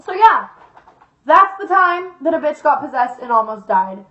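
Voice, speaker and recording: A young woman tells a story on her channel in a high voice, dramatic and full of swearing and fillers. The sound is roomy and echoey, and the recording is a little dull and lo-fi. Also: sing-song, moderate pace, fairly bright tone. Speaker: YouTuber. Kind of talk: storytime vlog.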